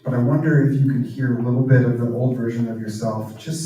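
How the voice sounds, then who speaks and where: A man's voice: medium pitch, little pitch movement, a little fast, hardly any pauses, dark tone. Earnest man speaking in an echoey hall. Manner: earnest, drops to near-whispers on emotional points. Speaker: guest speaker and author. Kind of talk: reflective church talk. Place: church hall. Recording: very echoey room, speaker far from mic.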